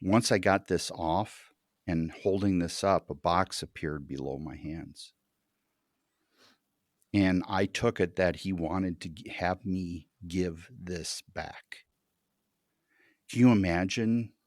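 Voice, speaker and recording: A man telling a deeply personal story as a podcast guest, earnest and halting, often repeating words as he restarts. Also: no room sound, clean studio sound.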